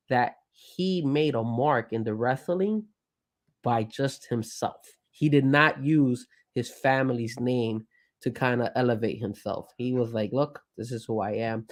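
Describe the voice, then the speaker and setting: A man's voice: medium pitch, a little slow. A man co-hosting a live show, talking emotionally in a loose, rambling way. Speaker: co-host. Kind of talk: casual live show chat.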